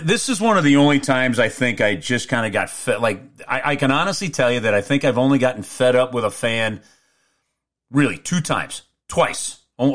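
Lively rambling storyteller man. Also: medium pitch. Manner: lively, rambling, with frequent restarts and asides. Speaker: podcast co-host, hockey play-by-play announcer. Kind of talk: casual storytelling.

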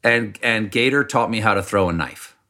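A middle-aged man from South Carolina, a podcast guest telling wry, animated stories. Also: on the low side, moderate pace. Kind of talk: casual conversation, storytelling.

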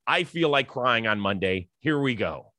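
A man hosting a sports talk show, chatty and emphatic, quick to joke. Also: medium pitch, animated, bright, forceful tone, a little hiss or hum.

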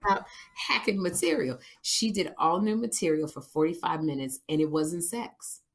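A woman's voice: low voice, moderate pace. A woman comic with a Chicago accent, telling stories and defending herself in a casual chat. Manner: storytelling, defensive. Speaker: stand-up comic and co-host. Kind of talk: casual banter.

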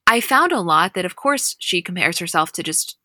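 Bright, chatty woman recapping a show. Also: on the low side, normal speed, no echo, studio quality. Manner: chatty, animated storytelling. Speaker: podcast co-host. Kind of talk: casual recap chat.

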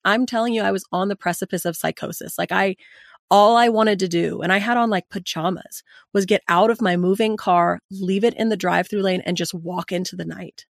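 A woman's voice: medium pitch, steady tone, a little fast, vocal fry, no echo, clean studio sound. A woman hosting a podcast, telling a candid and earnest personal story to her guest. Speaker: podcast host.

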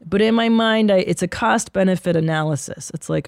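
Gravelly-voiced woman telling profane stories. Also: medium pitch, a little fast, dry recording, clean studio sound. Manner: profane, animated, rambling anecdotes. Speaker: podcast host and comedian. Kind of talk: casual comedic storytelling.

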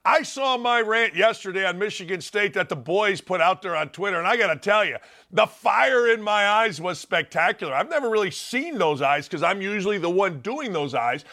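Man, sports show host, casual opinionated commentary, high voice, bright tone. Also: lively intonation, normal speed. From United States. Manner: joking, opinionated, conversational asides.

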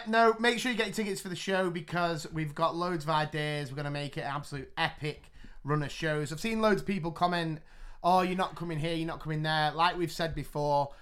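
A man co-hosting a casual podcast, with a bright, forceful voice pitched a bit high. He tells stories with lively energy and laughs easily. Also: smooth. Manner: animated storyteller, laughs while telling. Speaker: podcast co-host. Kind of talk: casual storytelling chat.

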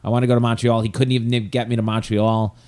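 A man's voice: medium pitch, fast. A man hosting a casual comedy podcast, telling stories and acting out the people he quotes. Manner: animated storyteller, acts out quoted voices.

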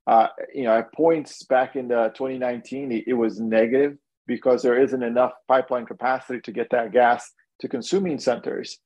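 A man, a guest energy analyst, explaining markets in a brisk, analytical way with frequent restarts, heard over a video call. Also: mid-range voice, fairly even intonation, darkish tone. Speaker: senior oil and gas analyst, guest. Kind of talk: expert commentary.

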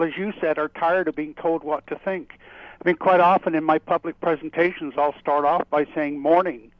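A man's voice: a little high, no room sound. Rambling Canadian man on a dull line. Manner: rambling, with many fillers and restarts. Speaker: guest climatologist. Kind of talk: phone-in radio interview.

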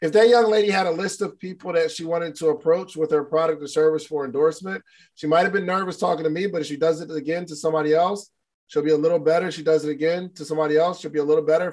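A man with a high voice gives a casual motivational talk to viewers online. He is animated and playful. He often acts out little scenes to make his point. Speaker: motivational speaker.

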